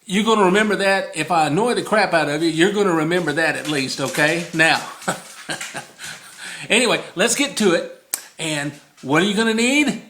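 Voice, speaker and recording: A man's voice: sits high, moderate pace, bright, forceful tone. A man chatting casually through a home cooking video, rambling, easily distracted and laughing often, repeating the recipe in a sing-song.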